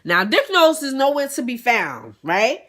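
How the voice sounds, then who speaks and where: A young adult woman telling a workplace story in casual vlog style, animated and profane, acting out what others said. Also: on the high side, measured pace. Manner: animated, profane, acts out other people's lines. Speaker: storytelling vlogger.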